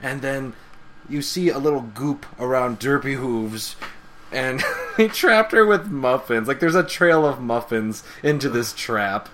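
A man co-hosting a podcast, chatting casually through a comic book recap, animated and quick to laugh. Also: mid-range voice. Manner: laughs often, animated and joking. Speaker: podcast co-host.

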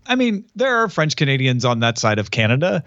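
A man's voice: medium pitch, very animated, fairly quick, fairly bright tone, no echo, muffled recording. A man co-hosting a podcast, summarizing a TV plot in casual chat with dry asides. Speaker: podcast co-host. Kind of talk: casual chat recapping a TV series.

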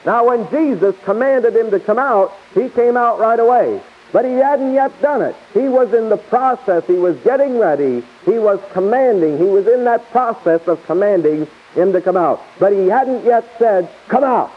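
A man's voice: high voice, animated, moderate pace, few pauses. A man teaching verse by verse from the Bible in a sermon, emphatic and repetitive, with chuckling asides, on a tinny lo-fi tape.

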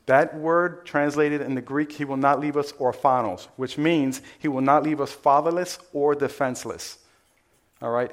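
A man, a pastor, preaching a sermon in church and talking with the congregation in a conversational way, asking them questions as he goes. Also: medium pitch.

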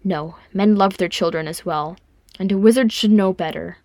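A woman's voice: medium pitch, normal speed, darkish tone, no echo, clean studio sound, lightly acted. A woman reading aloud and voicing a proud, earnest male dwarf king. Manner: earnest, heartfelt.

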